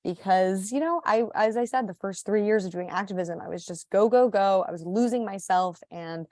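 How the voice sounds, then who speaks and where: A young woman talks through a workshop presentation in a loose, chatty way, sassy and self-mocking, full of fillers and quick restarts. Her voice sits in a middle pitch, and it is recorded close and dry with no room sound. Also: dark tone, dry recording. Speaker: activist giving a workshop talk.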